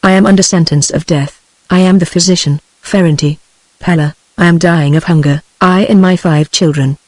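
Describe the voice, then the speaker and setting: A synthetic British woman reading the part of a desperate man, an outlaw poet both ardent and a little mad. The audiobook delivery stays flat and machine-made, and the audio is completely dry with no room sound. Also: on the low side, moderate pace, dry recording, natural voice. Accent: British English. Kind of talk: text-to-speech audiobook reading.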